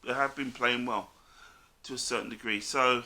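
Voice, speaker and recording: A man's voice: medium pitch, fairly even intonation, normal speed, bright, forceful tone. A man chatting casually about football, bluntly and with lots of swearing, calling everyone mate. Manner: blunt, swears a lot, says mate constantly. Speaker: co-host.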